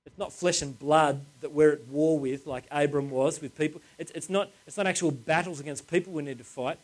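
A man's voice: a little high, fairly even intonation, brisk. A man reading scripture aloud, then explaining it in a casual, earnest, conversational way. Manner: earnest, conversational, restarts often. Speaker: Bible teacher. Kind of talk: casual Bible teaching.

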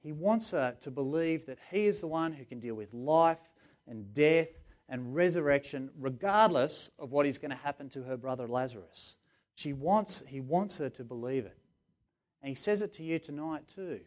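A middle-aged man preaching a sermon in an earnest, conversational way, with sudden loud emphasis on key words. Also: fairly high pitch, animated, moderate pace. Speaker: pastor.

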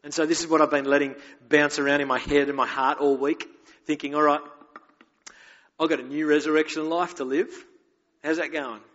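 Pastor, male, slightly higher voice, candid, chatty sermon delivery; dull recording with long hall reverb. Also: little pitch movement, a little fast, fairly bright tone. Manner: candid, conversational, self-mocking storytelling.

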